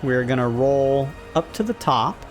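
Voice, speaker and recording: A man acting as game master, narrating a tabletop game in a relaxed, rambling way with plenty of fillers. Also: medium pitch, a little slow, faint music behind.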